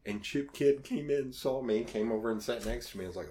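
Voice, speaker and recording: A man's voice: mid-range voice, fairly quick, slight background noise. A man telling casual stories as a podcast guest, acting out the voices he quotes and swearing freely. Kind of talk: casual storytelling.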